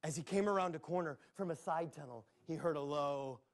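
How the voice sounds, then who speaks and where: A man's voice: fairly high pitch, brisk. A man telling a playful tale to children at a library, with sound effects and asides. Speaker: storyteller. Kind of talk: live storytelling for children. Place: public library.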